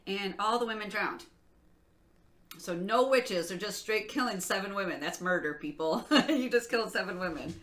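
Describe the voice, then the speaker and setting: A woman's voice: medium pitch, moderate pace, a bit bright. A woman co-hosting a podcast in casual chat, telling stories loosely with frequent laughs and casual swearing. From Michigan. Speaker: podcast co-host.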